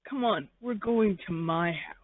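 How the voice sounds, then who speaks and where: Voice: medium pitch, lively intonation, a little slow. Narrator doing a creepy, controlling young man. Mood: bossy. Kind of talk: fan fiction reading. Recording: tinny phone-like dry sound.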